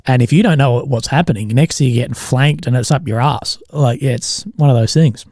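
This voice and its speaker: Brief: Aussie male host, mid-pitched mellow tone, easygoing and profane, dry close mic. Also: breathy edge, no room sound. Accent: Australian. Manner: chatty, swears, quick to laugh. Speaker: podcast host. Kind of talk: casual conversational interview.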